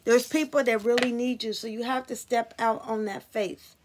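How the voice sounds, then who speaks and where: A woman's voice: on the high side, fairly even intonation, normal speed, noisy background. A woman card reader talking casually and bluntly to her viewers about spirits and signs, swearing freely.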